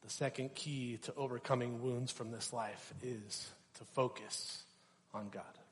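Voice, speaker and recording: A man's voice: mid-range voice, fairly even intonation, measured pace, a little hiss or hum. A young male pastor delivers a sermon in a storytelling manner, acting out quoted voices. His mid-range voice rings with a long reverberant tail, as if recorded in a church hall.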